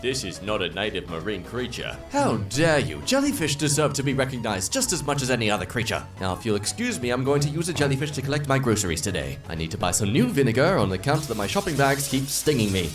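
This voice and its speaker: A man's voice: medium pitch, very animated, fast talker, hardly any pauses, far from the mic, music in the background. A man narrating a compilation of funny posts with dry, sarcastic jokes. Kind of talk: comic scripted narration.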